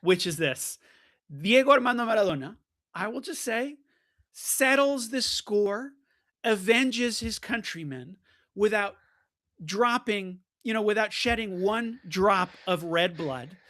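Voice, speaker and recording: Brief: male debate co-host, high voice, excitable storyteller who stumbles and restarts. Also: unhurried. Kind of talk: animated debate banter.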